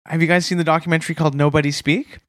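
Man, podcast co-host, high voice, dry close mic, deadpan jokes. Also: racing, no echo. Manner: deadpan joking. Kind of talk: casual comedic chat.

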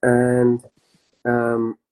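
A man, a musician guest telling anecdotes in a relaxed, chatty way. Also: mid-range voice, very slow, poor audio. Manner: chatty storyteller, laughs often. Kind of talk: casual chat.

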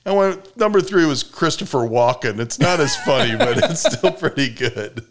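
A man co-hosting a podcast, telling stories in an animated way and cursing when irritated. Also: a little high, moderate pace, a little hiss or hum. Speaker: podcast co-host. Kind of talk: casual podcast banter.

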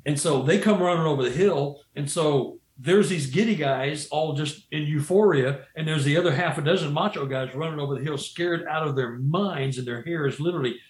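In an echoey room, a man tells a story briskly with few pauses, his voice a little high. As a guest storyteller he rambles casually, frequently starting sentences over and dropping "you know."

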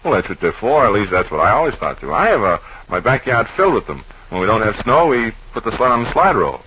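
A man hosting a 1940s radio comedy, tossing off deadpan absurd asides in a halting ad-lib style. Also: lowish voice, slight background noise. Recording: dull old radio broadcast recording.

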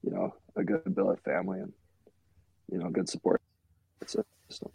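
A man's voice: low voice, very animated, moderate pace, creaky, warm tone, slightly rough, dull audio. A young man from Minnesota, a hockey goalie, talking in a laid-back casual way as a podcast guest, full of "like" and "you know". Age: young adult.

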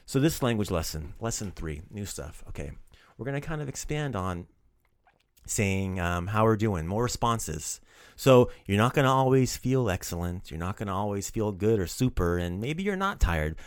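A man's voice: fairly low pitch, lively intonation, normal speed, smooth, no echo, clean studio sound. A man teaching a casual podcast language lesson, upbeat and playfully teasing his student.

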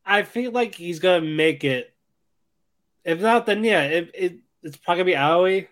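High-voiced joking young man. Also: expressive, normal speed, fairly bright tone. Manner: laughing, joking banter. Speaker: podcast co-host. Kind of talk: casual chat.

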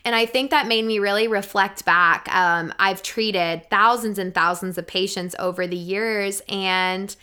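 A woman, a physical therapist, talking as a guest in a casual conversation, telling earnest, animated stories with lots of fillers. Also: mid-range voice, measured pace, few pauses, clear, resonant tone.

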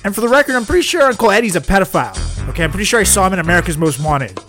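A man's voice: sits high, big pitch swings, rapid-fire. Casual: dude podcast host losing it at his guest, outraged, voice jumps way up and down, faint music. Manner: exasperated, outraged, scolding. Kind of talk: comedic scolding interview bit.

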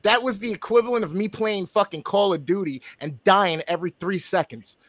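Brief: high, bright-voiced man, animated, swearing podcast guest. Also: a little fast, dry recording. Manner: animated, swearing, ranting storyteller. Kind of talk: casual chat.

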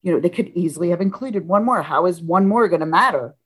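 A woman telling a personal story in a casual, halting way, with restarts, acting out what people said with big jumps in pitch. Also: breathy edge. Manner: animated, acts out dialogue with pitch leaps; halting, frequent restarts and self-corrections.

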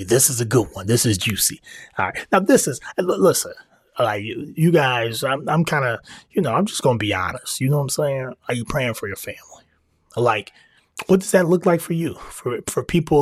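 A man's voice: medium pitch, dry recording, studio quality. A man hosting a faith-based family podcast, talking casually in slang and repeating himself. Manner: conversational, slangy, repeats himself, sometimes drops into prayer. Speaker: podcast host.

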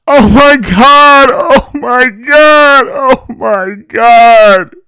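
A man hosting a podcast, reading a true family story aloud in an expressive, animated way. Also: extremely low pitch, no echo, studio quality. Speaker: podcast host and narrator.

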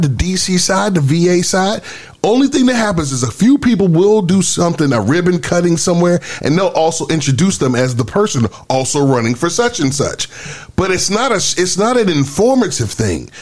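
A man, co-hosting a casual podcast discussion in an emphatic, preachy way. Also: high voice. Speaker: podcast co-host.

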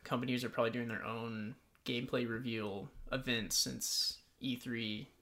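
A man's voice: medium pitch, level tone, moderate pace, fairly bright tone. A man co-hosting a podcast, chatting casually and jokingly about video games. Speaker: podcast co-host.

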